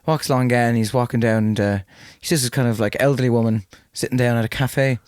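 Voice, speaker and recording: A man's voice: mid-range voice, fairly even intonation, fast talker, darkish tone, dry recording, clean studio sound. A young man co-hosting a podcast, telling rude jokes in casual chat with laughing asides. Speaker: podcast co-host. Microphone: close podcast mic.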